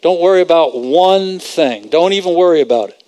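A man's voice: a little high, animated, normal speed, a little mellow. A man preaching a conversational sermon, repeating phrases for emphasis and quoting scripture.

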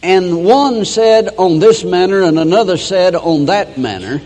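A man preaching a sermon, reading old scripture verses aloud and stepping out to explain them in plain talk. His voice sits on the higher side and lifts and slows when he stresses a point. The sound carries a long hall reverb. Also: expressive, a little mellow. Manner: reads King James verses, then breaks in with plain asides; rises and slows for emphasis, acts out quoted voices.

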